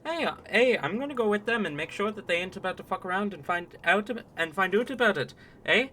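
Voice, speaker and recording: A man's voice: high voice, lively intonation, fast, bright, forceful tone, slight background noise, pitched above the performer's own voice. A man voicing a boisterous, overfriendly male stranger from the elemental plane of water, with a put-on Canadian-sounding accent and a habit of ending lines with "eh". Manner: tags sentences with "eh", overly friendly.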